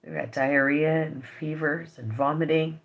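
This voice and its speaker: Earnest woman vlogger with gravelly fry. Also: low voice, little pitch movement, measured pace, highs cut off. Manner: earnest and impassioned, appealing to viewers. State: emotional, holding back tears. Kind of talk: direct-to-camera vlog update.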